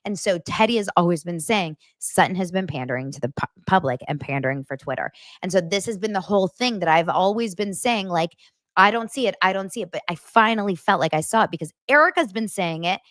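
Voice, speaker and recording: Recapping reality TV, this woman's gossip podcast is blunt and profane, and she does voices when acting out quotes with animated energy. Her pitch is fairly low and her delivery brisk with few pauses, recorded in clean studio sound without room sound.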